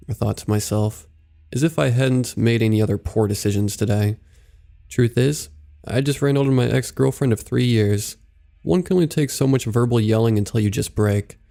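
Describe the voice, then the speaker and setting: A male horror narrator with a low, gravelly voice and a mellow, dark tone. He reads slowly and evenly, with faint music playing beneath the narration. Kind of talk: scripted horror story narration.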